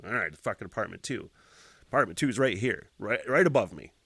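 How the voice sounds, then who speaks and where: Male podcast host telling a story. Swears a lot, with a bouncy, expressive delivery and a dry, close sound. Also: fairly low pitch, a little fast, vocal fry, husky, no room sound. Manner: profane, expressive retelling with loud sound effects.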